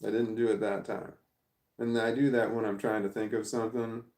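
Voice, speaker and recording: A man's voice: lowish voice, level tone, a little fast, a little mellow. Rambling man with a stammer, echoey room. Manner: stammers, repeating words while searching; rambling, thinks aloud. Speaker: live streamer reading chat. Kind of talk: casual chat.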